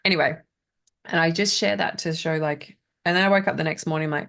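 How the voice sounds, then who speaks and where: Woman in her 30s, trauma coach, chatty conversational delivery; low, gravelly register. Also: steady tone, brisk, a bit bright. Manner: chatty, frequent "right?" and "like". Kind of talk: casual spoken masterclass.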